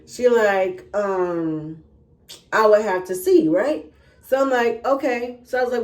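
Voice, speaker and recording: A woman's voice: on the high side, measured pace, a little mellow. A young woman telling a personal story in a casual, chatty way, often checking in with "right?" and "y'all". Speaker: vlogger.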